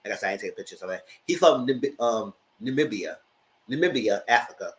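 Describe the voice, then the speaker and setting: Animated man recapping TV, roomy echo. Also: fairly low pitch, very fast. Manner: chatty, animated, talks straight to viewers. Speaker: vlogger recapping a reality show. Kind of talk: casual commentary.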